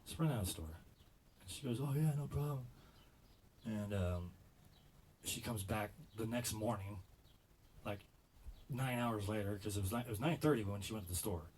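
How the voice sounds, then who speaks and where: A man doing a stand-up routine, rambling and stammering as he tells stories, jumping into loud quoted voices. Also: lowish voice, moderate pace, pauses often, a little hiss or hum, rough recording. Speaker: stand-up comedian.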